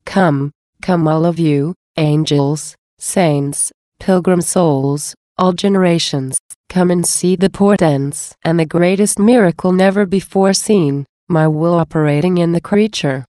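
A woman reading the words of a gentle, solemn male divine figure, tender and earnest. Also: lowish voice, a little slow, few pauses, dry recording, clean studio sound, lightly acted.

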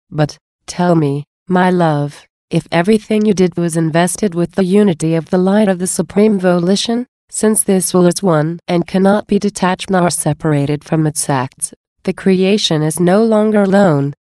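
A woman reading devotional writings aloud in a slow, solemn, reverent way. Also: on the low side, mellow, no room sound, clean studio sound.

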